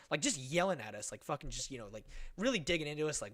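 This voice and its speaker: A young man in his twenties, a podcast guest telling a story in casual chat, animated and swearing a lot, acting out the voices of people in it. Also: mid-range voice, quick pace.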